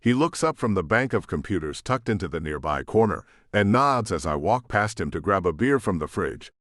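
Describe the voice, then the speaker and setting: A male narrator reads a first-person romance audiobook with expressive, emotional delivery at a normal speed. His voice sits on the low side but moves lively through its pitch range. The recording is dry and close, with no room sound.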